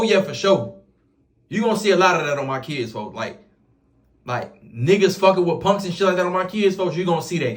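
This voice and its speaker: Man, slightly high voice, rapid slangy storytelling vlog. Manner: slangy, repeats oaths and fillers, animated retelling. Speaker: vlogger telling a prison story. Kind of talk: casual storytelling to camera.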